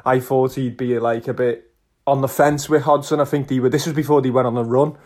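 A man's voice: mid-range voice, fairly even intonation, fairly quick, darkish tone. A man, co-hosting a casual chat and rambling through a story, calling his friend "lad". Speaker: podcast co-host.

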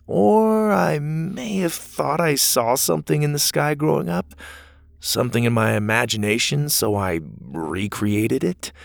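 A man's voice: on the high side, lively intonation, a little slow, creaky, dry recording, studio quality, pitched above the performer's own voice. A man voicing a young male hero in a storybook, plain and practical.

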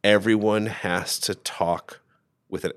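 A man's voice: fairly low pitch, steady tone, slow pace, dry recording, studio quality. A man co-hosting a podcast as a financial advisor, chatting casually and rambling through his stories. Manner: rambling storyteller.

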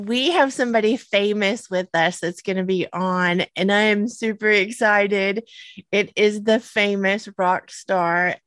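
A woman with a Southern US accent co-hosting a podcast, enthusiastic and quick to laugh. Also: mid-range voice, a bit bright, no room sound. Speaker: podcast co-host. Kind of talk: casual podcast chat.

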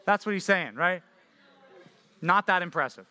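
A young man preaching a youth sermon, energetic and jokey, often checking in with "right?". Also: high-pitched, moderate pace, pauses often. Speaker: youth pastor.

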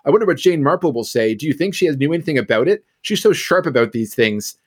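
A man's voice: a little high, expressive, quick pace, husky. A man reading aloud and voicing an elderly village spinster who is eagerly spreading gossip. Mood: breathless.

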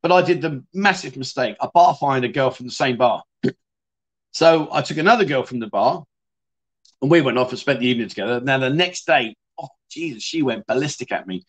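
A man's voice: mid-range voice, expressive, a little fast. A man hosting a casual livestream from Thailand, chatting with viewers and telling stories in a friendly way. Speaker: livestream host. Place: home in Thailand.

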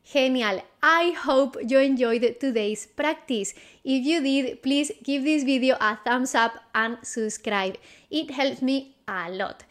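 A woman teaching a vocabulary lesson, repeating each word slowly and quizzing the listener in a patient, encouraging way. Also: high-pitched. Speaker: Spanish teacher. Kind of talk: slow, clear vocabulary lesson.

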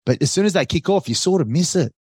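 A man's voice: fairly high pitch, lively intonation, fast talker, a little mellow, slightly rough, no echo. A man hosting a podcast, asking rambling questions in casual conversation. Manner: rambling questions, many short agreements. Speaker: podcast host. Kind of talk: casual interview.

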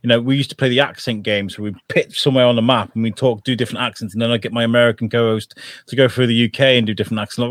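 A man's voice: medium pitch, steady tone, racing, no echo, studio quality. A young man from Portsmouth hosting a casual podcast, playful and full of jokes. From Portsmouth, southern England. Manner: jokey, playful. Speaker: podcast host. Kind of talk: casual chat.

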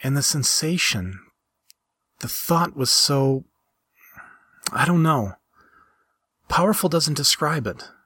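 A man reading a story aloud and voicing an earnest young woman who once was powerful, speaking in a soft, halting, confiding way. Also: fairly high pitch, animated, breathy edge, no echo, clean studio sound, pitched above the performer's own voice, full character voice.

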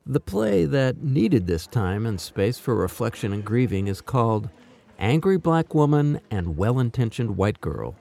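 A man giving scripted narration for a radio feature, with an expressive delivery. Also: mid-range voice, creaky.

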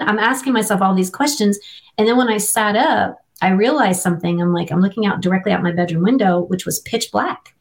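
A woman's voice: mid-range voice, a little fast. A middle-aged woman, an interview guest, sharing a personal faith testimony in an earnest, vivid storytelling manner.

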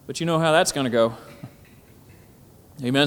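A man preaching a sermon at a symposium, often pausing on "Amen" and building to emphatic, climbing phrases. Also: fairly high pitch, fairly bright tone. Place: hall at a symposium. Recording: echoey hall.

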